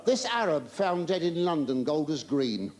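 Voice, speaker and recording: A man's voice: on the high side, big pitch swings, moderate pace. A man doing live stand-up in a theatre, stammering through flustered asides and mock-indignant denials while he teases the audience. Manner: chatty, teasing the audience. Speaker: stand-up comedian. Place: large theatre stage before a live audience. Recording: live theatre recording with audience laughter and hiss.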